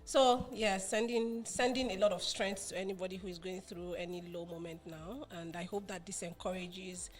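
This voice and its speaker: A woman's voice: fairly low pitch, fairly even intonation, normal speed, hardly any pauses, faint music behind. A young woman from Nigeria hosting a podcast and interviewing her mother, laughing often and restarting her sentences. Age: young adult. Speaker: podcast host.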